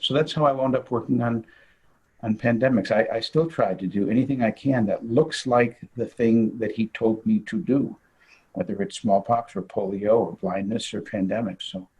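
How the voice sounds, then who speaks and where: An older man, a physician, telling an animated anecdote in conversation and laughing as he goes. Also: on the low side, normal speed, breathy edge, poor audio. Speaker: guest physician. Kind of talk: storytelling in conversation.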